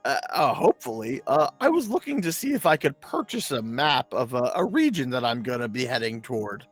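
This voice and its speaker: A man playing a tabletop game, role-playing his character in a matter-of-fact, deadpan way. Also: mid-range voice, a little fast, no room sound, soft background music.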